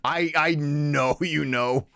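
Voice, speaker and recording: A man's voice: on the high side, fairly even intonation, slow, creaky, fairly bright tone, no echo, clean studio sound. A man streaming a video game, chatting casually in a rambling, self-deprecating way. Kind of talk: casual chat while playing a game.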